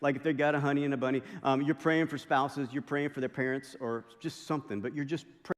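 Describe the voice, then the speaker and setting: Fast-talking man preaching in an echoey chapel. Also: mid-range voice. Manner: lively storytelling with impressions and asides. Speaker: pastor. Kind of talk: sermon. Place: large chapel hall. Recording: long chapel reverb.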